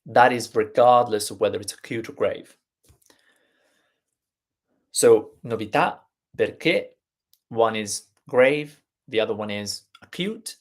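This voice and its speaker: A man with an Italian accent, a native Italian speaker, teaching Italian pronunciation in a live stream and explaining patiently step by step. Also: fairly low pitch. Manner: unhurried, explains step by step, repeats words slowly.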